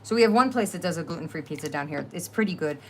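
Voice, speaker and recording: A woman's voice: sits low, lively intonation, racing, a bit bright, a little hiss or hum. A middle-aged woman with a New Jersey accent, hosting a casual crafting livestream in a chatty, rambling way, laughing often. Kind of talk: casual live-stream chat.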